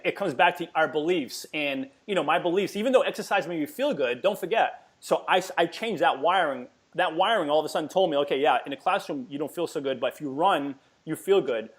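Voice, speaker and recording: A man in his forties telling a story as a podcast guest in an energetic, emphatic way, often repeating words. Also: on the high side, quick pace, breathy edge. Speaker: podcast guest, fitness entrepreneur. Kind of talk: casual storytelling interview.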